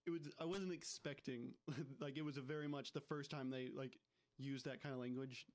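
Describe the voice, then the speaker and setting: A man's voice: medium pitch, fairly even intonation, moderate pace. A young adult man, a guest on a podcast, chatting about a movie in a laid-back way with lots of fillers and chuckles. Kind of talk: casual film review chat.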